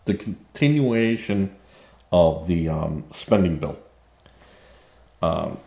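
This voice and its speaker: A man with a lowish voice delivers an unhurried opinion monologue, indignant and sarcastic, stumbling over fillers and restarts. He speaks slowly, and the recording carries a roomy echo. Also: expressive, gravelly, a little mellow. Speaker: political commentary host.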